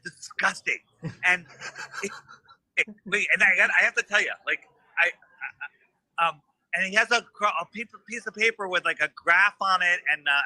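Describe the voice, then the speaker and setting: A man telling a story in casual chat, animated and acting out the lines of the people in it. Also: high-pitched, no room sound, rough recording. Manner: animated, acts out quoted dialogue. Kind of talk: casual storytelling on a live stream.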